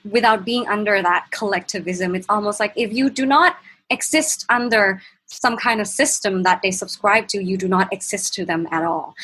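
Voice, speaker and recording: A woman's voice: medium pitch, a bit bright, husky, poor audio. A woman guest speaking casually, recounting a personal story with many restarts and acting out what was said. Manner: halting, many restarts, acts out quoted exchanges. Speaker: program participant, guest.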